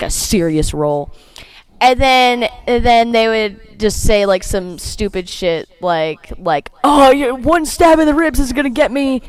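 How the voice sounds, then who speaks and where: A woman's voice: a little high, smooth, low-quality recording. Giggly woman chatting about a movie. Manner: laughing often, many fillers. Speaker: podcast co-host. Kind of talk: casual movie review chat.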